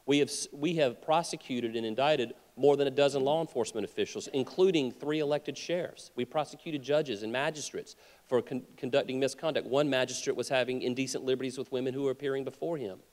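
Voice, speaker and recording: A man's voice: medium pitch, fast talker, darkish tone. A man who is a state attorney general, giving an earnest, emphatic political convention speech with frequent restarts, speaking into a podium mic in a convention hall. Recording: long hall reverb.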